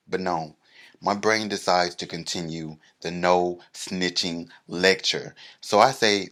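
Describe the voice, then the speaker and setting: A man doing stand-up, telling a self-mocking story with animated comic timing. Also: low-pitched, a little slow. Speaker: comedian.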